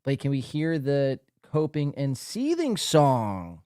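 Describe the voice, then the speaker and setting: A male podcast host with a lively, swooping voice that rides up and down. He talks in a crude, mocking, profane way, and he is recorded dry and close. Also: medium pitch, takes it slowly, no room sound. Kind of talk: crude casual commentary.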